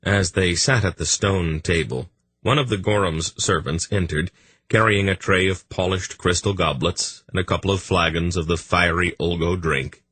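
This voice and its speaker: A man reading a fantasy audiobook in a measured, even storytelling manner. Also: sits low, slightly rough, no echo. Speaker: audiobook narrator. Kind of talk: scripted fantasy narration.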